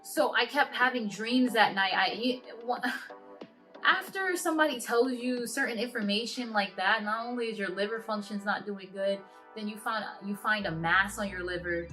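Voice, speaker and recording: A woman in her twenties telling a personal story to camera in a halting, earnest way, often stopping and restarting her sentences. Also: medium pitch, pushed and bright, soft background music. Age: 20s. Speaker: vlogger.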